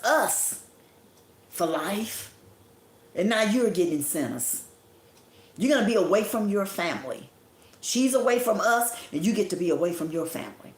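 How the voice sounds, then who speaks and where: Grieving woman, livestream monologue, preachy and scolding, echoey room. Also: on the low side. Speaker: livestream host. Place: indoor room at home.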